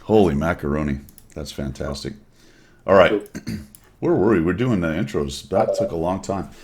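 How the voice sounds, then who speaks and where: A man's voice: low-pitched, normal speed, darkish tone, slightly rough. A man hosting a casual gaming talk show, laid-back and rambling, often enthusiastic. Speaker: podcast host.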